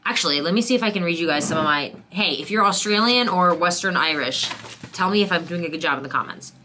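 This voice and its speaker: Bubbly fast-talking young woman vlogger. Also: on the low side, bright, forceful tone, a little hiss or hum. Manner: bubbly, chatty, enthusiastic. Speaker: actor and vlogger. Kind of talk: casual chat to camera.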